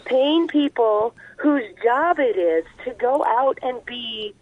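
A woman's voice: a little high, animated, slow, husky, dry recording. A woman guest talking earnestly over the phone, explaining her views in long, run-on thoughts. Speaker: guest on a call-in interview. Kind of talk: conversational explanation. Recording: tinny phone line.

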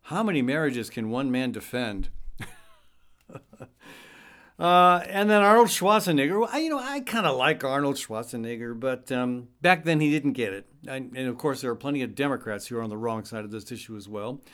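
A man's voice: mid-range voice, lively intonation, normal speed, a bit bright. A middle-aged man hosting a talk radio show, speaking conversationally and reading quotes aloud with wry asides.

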